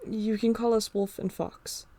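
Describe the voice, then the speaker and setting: A woman's voice: medium pitch, steady tone, a little slow, dark tone. A woman voicing an anxious teenage older brother who mumbles nervously.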